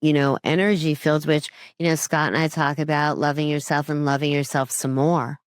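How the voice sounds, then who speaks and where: Low-voiced, enthusiastic woman co-host. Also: flat delivery, no echo, clean studio sound. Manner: enthusiastic and affirming, with quick agreements. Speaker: podcast co-host. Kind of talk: conversational podcast chat.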